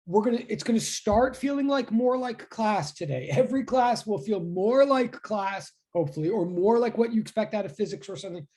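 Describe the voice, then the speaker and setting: A man's voice: high voice, animated, a little fast, few pauses, dark tone. A man teaching a physics class over a video call, chatty and self-deprecating, rambling as he greets his students. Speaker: physics instructor. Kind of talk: casual online class.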